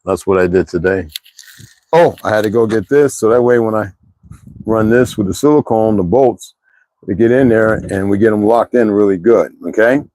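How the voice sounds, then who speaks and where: A man in his sixties with a lowish voice talks loosely to his livestream viewers, rambling from one thing to the next and laughing often. The sound is dry and close, with almost no room echo. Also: normal speed, mellow. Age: 60s. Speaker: livestream host. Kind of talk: casual livestream chat.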